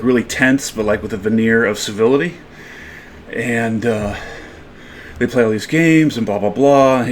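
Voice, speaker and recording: A man's voice: medium pitch, slight background noise. A man working out at home, telling a loose, profane story in casual chat. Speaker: fitness vlogger. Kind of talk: casual rambling monologue during workout.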